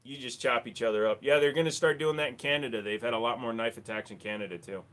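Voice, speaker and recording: A man's voice: mid-range voice, fast, a bit bright. A man hosting a casual livestream, chatting offhand with viewers, rambling and swearing freely into a desk microphone. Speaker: livestream host.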